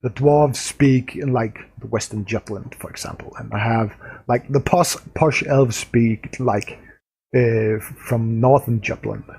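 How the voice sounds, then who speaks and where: A Danish man with a slightly husky voice hosts a casual chat in English. He speaks at a middle pitch, pausing and reaching for words as he goes. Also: a little mellow. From Denmark. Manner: hesitant, searching for words. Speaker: podcast host.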